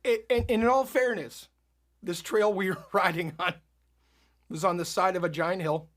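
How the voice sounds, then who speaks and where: A man telling a story as a podcast guest, animated and laughing often. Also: high-pitched, moderate pace. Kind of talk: casual storytelling.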